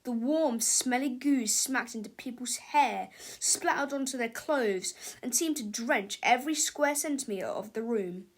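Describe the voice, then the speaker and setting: A woman reading a children's storybook aloud with a lively, expressive delivery. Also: on the high side, unhurried, few pauses.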